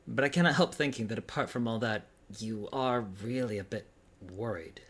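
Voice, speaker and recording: A man voicing a calm, shrewd young male detective in a low, quiet, even manner. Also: normal speed, slightly rough. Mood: concerned. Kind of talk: audiobook character voice.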